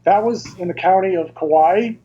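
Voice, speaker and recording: In this dull, lo-fi remote recording, a high-pitched man being interviewed explains things at length and with care. He restarts haltingly, and his dark tone has a breathy edge.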